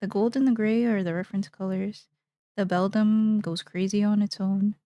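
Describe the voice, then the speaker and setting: A woman's voice: medium pitch, fairly even intonation, normal speed, dry recording, muffled recording. A young woman streamer chatting casually while she draws, rambling playfully and thinking aloud.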